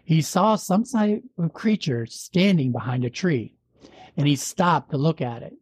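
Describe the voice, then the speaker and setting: A man with a slightly husky voice reads a local legend aloud, unhurried and measured, sometimes dropping a dry joke. The sound is close and dry, with no room around it. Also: a little high, expressive, no echo. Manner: measured storytelling, dry jokes. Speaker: podcast host. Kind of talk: reading a legend aloud with banter.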